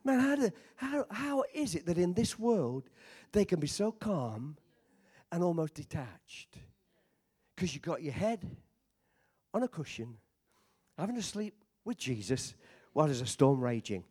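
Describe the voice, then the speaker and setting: A man preaching a sermon as a visiting preacher, impassioned, swinging between shouting and quiet storytelling, with joking asides. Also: on the high side, sing-song, unhurried, long pauses, husky.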